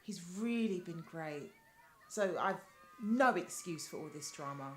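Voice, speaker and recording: A woman's voice: on the low side, expressive, measured pace, a bit bright, a little hiss or hum. An actress playing an emotional, apologetic woman running a hotel, laughing and tearing up often. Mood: tearful. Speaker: hotel manager. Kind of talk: TV drama acting.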